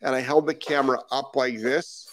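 A man's voice: mid-range voice, fairly even intonation, normal speed, dry recording. A man from Rhode Island, a dog trainer hosting a live stream and reading out viewer comments, talking emphatically, repeating key phrases and asking rhetorical questions.

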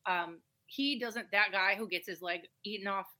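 A woman's voice: mid-range voice, normal speed, bright, forceful tone. A woman guest on a podcast, chatting casually and bluntly, swearing freely. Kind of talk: casual chat.

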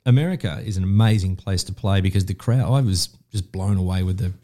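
A man's voice: sits low, quick pace, warm tone. A man, a musician guest, talking in a modest, easygoing way in a casual interview.

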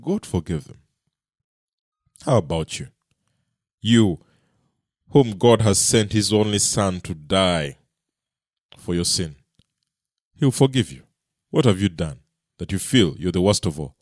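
A man preaching a sermon in an earnest way, swinging between loud emphasis and quiet asides, with a few repeated words and restarts. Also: lowish voice, dry recording, studio quality. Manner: earnest, rises and falls in loudness for emphasis.

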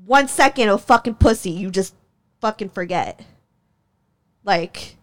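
A woman's voice: lively intonation, a little slow. Young woman host spilling a story, fiery, sweary, lots of fillers and laughs. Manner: heated, profane, frequent laughs, many "like" fillers; jumps in pitch when worked up. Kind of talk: casual chat.

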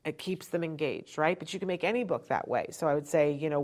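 A woman with a somewhat low voice, talking as a host giving practical parenting advice. She speaks conversationally and keeps checking in with "right?". At times she softens and lowers her voice to act out winding down. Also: quick pace. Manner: chatty, often checks in with "right?".

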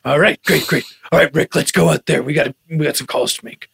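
A man's voice: fairly high pitch, fairly even intonation, fast talker, creaky, fairly bright tone, breathy edge, dry recording, studio quality, heavily acted. A man playing a bumbling, greedy smuggler thug in an improv comedy scene. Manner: jokey, rambling.

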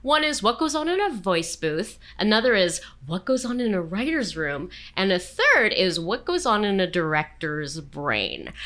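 A woman's voice: mid-range voice, fairly bright tone. A woman hosting an interview podcast, asking questions in a chatty, curious way. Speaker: podcast host.

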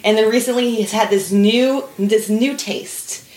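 A woman co-hosting a live stream, telling a story in a casual, animated way with laughter and swearing. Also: fairly high pitch, a little slow, reverberant. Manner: animated, laughing, swearing, bursts into little screams.

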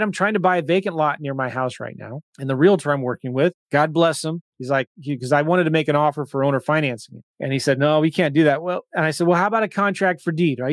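Man, real estate coach, live-stream Q&A host, slightly high voice, dry close mic, animated and chatty. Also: no room sound. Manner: animated, conversational, exasperated asides.

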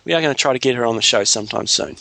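A man's voice: mid-range voice, racing, gravelly, bright, forceful tone, no echo. A man co-hosting a podcast, talking casually and at length with lots of fillers and restarts. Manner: rambling, many fillers and restarts. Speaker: podcast co-host. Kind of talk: casual sports chat.

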